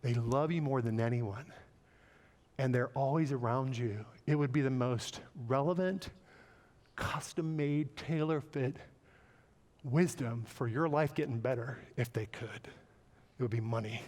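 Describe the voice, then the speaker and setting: A man preaching a sermon, animated and playful, acting out quoted voices with joking asides. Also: mid-range voice, measured pace, in a large hall. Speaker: pastor. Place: church sanctuary.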